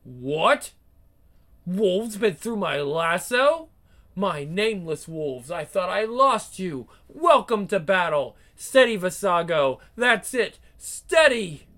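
A woman's voice: fairly low pitch, very animated, takes it slowly, fairly bright tone, full character voice. A woman voicing a fierce, proud queen of the dead in a comic book read-aloud, with tense, urgent battle cries and anxious inner thoughts. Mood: steadying.

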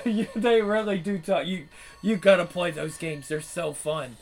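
A man's voice: high-pitched, measured pace, low-quality recording. A man hosting his channel in casual, profane commentary, rambling with frequent restarts. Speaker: channel host.

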